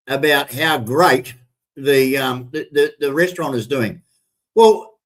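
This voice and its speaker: An older man with a broad Australian accent holds forth on a live stream in a blunt, profane rant. His voice sits high for a man, and he keeps stumbling into restarts as he builds up steam. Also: a bit bright, poor audio. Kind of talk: ranting commentary.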